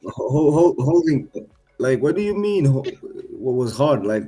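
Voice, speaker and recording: A man's voice: medium pitch, very animated, a little slow, over a noisy crowd. A man co-hosting a casual MMA podcast, stammering and repeating himself as he defends his picks. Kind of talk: casual sports banter.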